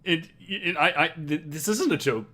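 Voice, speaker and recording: A man telling friends about a movie in casual chat, animated and quick to laugh, rambling and restarting his sentences. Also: on the high side. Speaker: host recapping a movie to friends.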